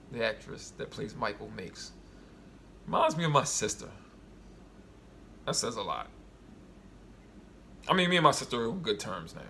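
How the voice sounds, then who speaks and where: A man giving a casual solo review of a TV episode, rambling and animated as he retells scenes with quoted voices. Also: mid-range voice, gravelly, slight background noise.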